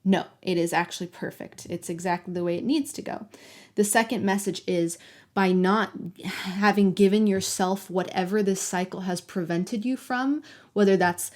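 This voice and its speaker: Gentle woman giving a tarot reading. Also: mid-range voice, normal speed. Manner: soft, affectionate, talks directly to the viewer. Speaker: tarot reader.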